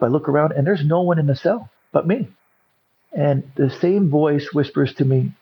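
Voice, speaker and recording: Gravelly, husky man telling a story. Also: on the high side, moderate pace, dull audio. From California. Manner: animated storyteller acting out other people's lines. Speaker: podcast guest, recovery coach. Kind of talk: storytelling in an interview.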